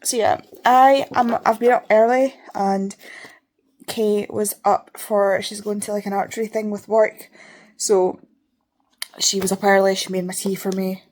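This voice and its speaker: A woman's voice: medium pitch, steady tone, unhurried, a little mellow. A young woman vlogging casually about her reading, rambling and chatty, tired and sniffly. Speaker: book vlogger.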